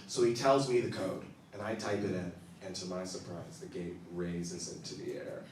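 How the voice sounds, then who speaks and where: A man doing stand-up, telling a long story with animated acted-out quotes and bursts of laughter. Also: medium pitch, moderate pace, few pauses, background noise. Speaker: stand-up comedian. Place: comedy club stage. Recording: echoey room, from a distance.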